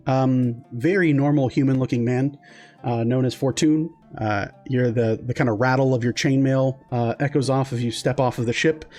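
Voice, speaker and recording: A man's voice: mid-range voice, a little mellow. A man narrating as game master of a tabletop game, casual with lots of fillers and restarts.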